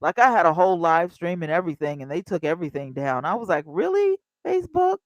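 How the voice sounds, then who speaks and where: A woman in her fifties hosting a casual livestream, chatty and animated, talking straight to her viewers. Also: deep voice, fast talker, no room sound, dull audio. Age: 50s. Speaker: livestream host.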